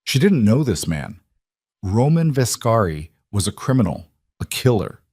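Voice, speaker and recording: A man narrating a dramatic romance story in a measured storytelling voice. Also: lowish voice, big pitch swings, a little mellow, breathy edge, dry recording, studio quality.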